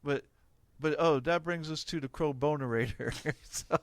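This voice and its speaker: A man's voice: a little high, moderate pace, no room sound. A middle-aged man hosting a podcast, talking frankly and opinionatedly in casual chat, laughing often. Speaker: podcast host.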